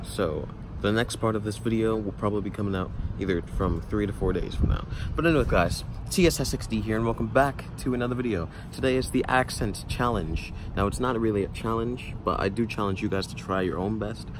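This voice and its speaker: A man's voice: lowish voice, brisk. A young man vlogging in a casual, rambling way, recorded outdoors. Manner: rambling, filler-heavy. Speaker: YouTuber. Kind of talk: casual vlog talk. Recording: outdoor traffic noise.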